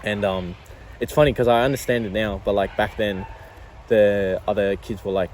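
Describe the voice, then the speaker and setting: A young man from Iran, telling stories in a laid-back, animated way with casual slang during an outdoor interview. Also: lowish voice, moderate pace, a little hiss or hum, low-quality recording. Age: young adult.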